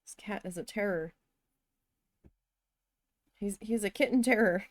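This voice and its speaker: A woman's voice: mid-range voice, unhurried, dry recording. A woman chatting casually while she works on a craft, telling stories and talking to her cat. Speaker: crafting vlogger.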